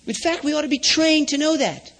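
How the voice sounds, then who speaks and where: A male preacher with a strikingly high voice delivers a sermon as a step-by-step lesson. He keeps turning to his listeners with questions to check that they follow. His voice rings out in a large hall with a long reverb tail. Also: fairly quick, creaky, a bit bright. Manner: teaching step by step, asking the audience questions.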